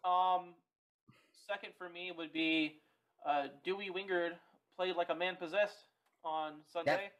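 A young man co-hosting a sports podcast, talking in animated, profane casual chat and laughing often. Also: sits high, a little slow. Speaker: podcast co-host.

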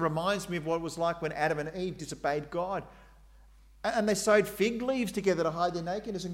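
A man's voice: sits high, fairly even intonation, brisk. A middle-aged man preaching a sermon, dramatizing God's questions with sudden raised, emphatic lines.

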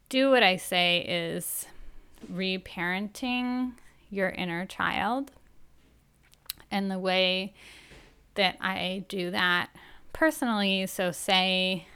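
A woman hosting a talk show, speaking in a candid, self-reflective personal monologue with a gentle, soothing manner. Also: on the low side, gravelly, clear, resonant tone.

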